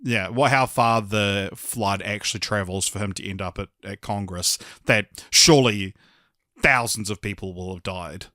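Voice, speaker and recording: A man's voice: lowish voice, normal speed, sharp tone, dry recording, studio quality. A man co-hosting a film podcast, chatting casually and rambling with lots of fillers and restarts. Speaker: podcast co-host. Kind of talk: casual film review chat.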